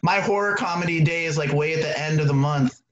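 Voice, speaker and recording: A man's voice: fairly high pitch, fairly quick, highs cut off, over a noisy crowd. A man co-hosting a podcast in casual chat, laughing often and rambling. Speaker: podcast co-host.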